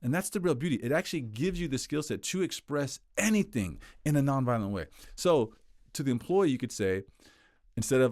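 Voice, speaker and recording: A man teaching communication skills in a casual explainer style, animated and acting out example quotes in playful voices. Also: mid-range voice, a little fast, dry recording, studio quality.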